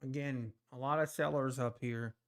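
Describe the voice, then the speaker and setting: A man's voice: medium pitch, fairly even intonation, normal speed. A man hosting a live trading stream, chatting casually with viewers, sighing and teasing, out of breath. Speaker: trading livestream host. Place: home.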